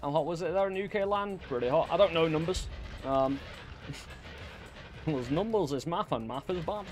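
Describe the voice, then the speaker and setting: A young man from England chats casually through a game stream, rambling and making jokes at his own expense. His voice sits on the high side, his pace is normal, and faint music plays behind him.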